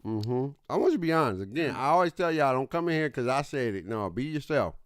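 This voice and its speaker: A man's voice: medium pitch, lively intonation, quick pace, no room sound. Laid-back streamer man, dry close voice. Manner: laid-back, repetitive, slangy banter. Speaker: streamer host. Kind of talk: casual livestream chat.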